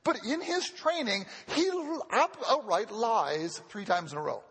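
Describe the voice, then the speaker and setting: A man's voice: high-pitched, very animated, measured pace, fairly bright tone, breathy edge. A man preaching a sermon in an earnest way, repeating phrases for emphasis and often restarting, heard with the long reverb of a large hall.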